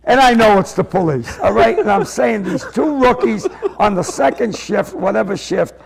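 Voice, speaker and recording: A man, telling a rambling comic story and acting out both sides, often coughing and clearing his throat. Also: sits high, animated, normal speed, rough recording. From Massachusetts. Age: 60s. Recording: public-access TV archive tape.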